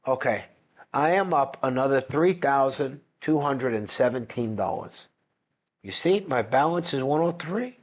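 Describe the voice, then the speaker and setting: A man hosting a finance video, talking casually and excitably over his screen, brash and profane as he runs through figures. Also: mid-range voice, a little slow, lo-fi sound. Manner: brash, profane, excitable, jumps between numbers. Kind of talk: casual screen-share commentary.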